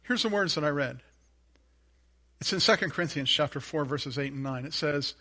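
A man preaches a sermon in a bright, forceful voice that sits a little high. He is an earnest pastor telling a personal story. He circles back on phrases for emphasis and falls to a hushed tone on the points that matter most. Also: moderate pace, pauses often.

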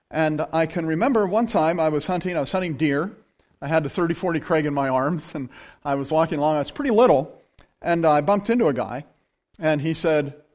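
A man preaching a sermon as pastor, telling stories in an animated way and often laughing. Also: on the high side.

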